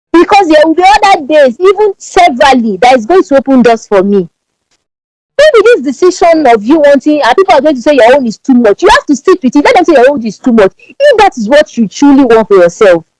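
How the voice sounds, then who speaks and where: A woman from Ibadan with a Nigerian Yoruba accent, speaking as a guest on a podcast in an emphatic, animated way and often repeating words. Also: sits high, dry recording, low-quality recording. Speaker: podcast guest, branding strategist. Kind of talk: podcast interview.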